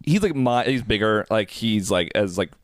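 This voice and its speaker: A man's voice: fairly low pitch, lively intonation, moderate pace, no room sound, studio quality. A man in a casual podcast chat who tells his story expressively and acts out what others said.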